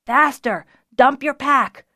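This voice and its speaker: A woman voicing an archer who calls out warnings in a forceful, commanding manner. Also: on the high side, lively intonation, moderate pace, dry recording, studio quality, voice pushed up. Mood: urgent.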